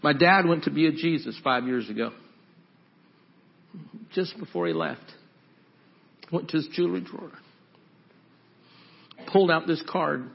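Earnest pastor leading an altar call. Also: male voice, on the high side, animated, a little slow, gravelly, long pauses, lo-fi sound. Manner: earnest, pleading, repeats prayers aloud.

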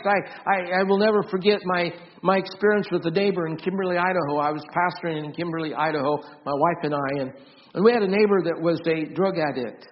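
A man preaching a sermon as pastor, earnest, often repeating and restarting words, swinging from loud emphasis to soft, quiet storytelling. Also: fairly high pitch, brisk, dull audio. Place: church.

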